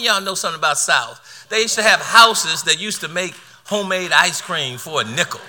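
Man, preacher, middle-aged, storytelling sermon, high pitch. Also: pushed and bright. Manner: storytelling, laughing through the tale, repeats words.

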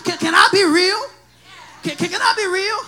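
A man from Africa with an African accent, preaching a sermon with a personal testimony in a sing-song, shouting style. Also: very high voice, normal speed. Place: church.

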